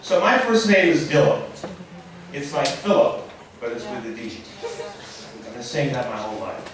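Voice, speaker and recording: A man's voice: mid-range voice, very animated, unhurried, background noise. A man in his forties doing a stand-up set, wry and dry, chatting with the audience. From Nigeria. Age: 40s. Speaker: stand-up comedian. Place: comedy club stage. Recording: echoey club room from far off.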